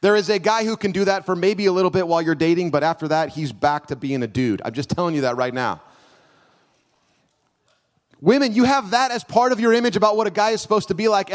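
A man preaching a sermon as a pastor in a church, moving between loud, raised emphatic passages and quiet, low, close asides. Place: church hall.

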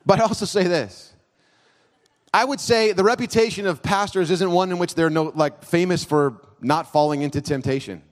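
In a church hall, a man gives a sermon as pastor at an ordinary pace, shifting back and forth between booming emphatic passages and hushed, low asides delivered up close.

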